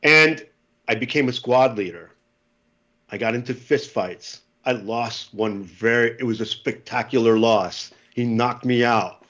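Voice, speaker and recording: A man in his fifties from the United States, a podcast guest telling lively war stories and acting out the voices. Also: medium pitch, measured pace, muffled recording. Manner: animated storyteller, acts out voices, laughs often. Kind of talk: casual storytelling.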